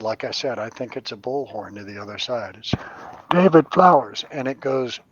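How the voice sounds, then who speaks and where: A middle-aged man spins stories in loose, profane chat and acts out the voices of the people in them. His voice sits at an ordinary pitch with a husky, breathy edge. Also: no echo, lo-fi sound. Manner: animated, profane storyteller acting out voices. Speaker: medium. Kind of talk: casual storytelling chat.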